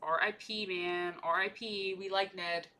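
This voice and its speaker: Bright, playful young woman streamer. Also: medium pitch, steady tone, unhurried. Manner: rambling, playful, jokey. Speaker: streamer painting miniatures. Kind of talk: casual livestream chat.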